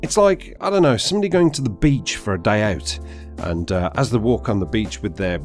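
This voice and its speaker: A man delivering a sarcastic, sweary gameplay rant. His pitch swings widely as he gets worked up, and faint music plays underneath. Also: animated, brisk, darkish tone. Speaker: gaming commentator. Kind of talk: ranting gameplay commentary.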